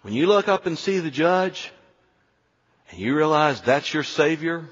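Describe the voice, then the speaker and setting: A male pastor preaching a sermon in an animated, conversational way with frequent asides. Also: fairly high pitch, unhurried, big-room sound, dull audio.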